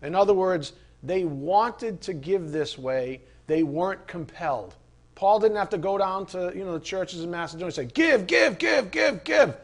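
A man preaching a sermon, conversational and animated, asking the listeners rhetorical questions. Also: high voice, moderate pace. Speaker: pastor.

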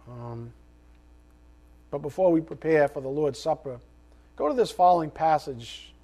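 A man preaching a sermon as pastor, swinging from soft asides to loud, impassioned exhortation. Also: a little high.

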